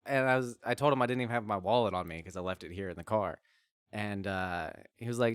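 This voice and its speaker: Relaxed chuckling man. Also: lowish voice, fast talker, clear, resonant tone, dry recording, studio quality. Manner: relaxed, chuckling anecdote-telling. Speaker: friend. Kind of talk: casual chat.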